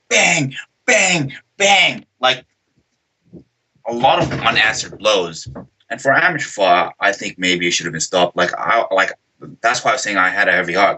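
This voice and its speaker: Animated young man, bright voice. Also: medium pitch, slight background noise. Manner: animated retelling, acts out quotes and shouts. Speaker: podcast co-host. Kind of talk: casual chat, storytelling.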